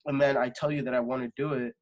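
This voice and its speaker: A young man in a relaxed interview, his voice sitting in an ordinary middle range. He rambles, leans on fillers and swears often, as if talking with a friend. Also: mid-range voice, fast. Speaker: podcast guest, singer. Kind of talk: casual interview chat.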